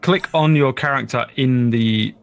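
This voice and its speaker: A man running a tabletop game as dungeon master, narrating in a relaxed, hesitant way with many fillers. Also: medium pitch, unhurried, vocal fry, no room sound.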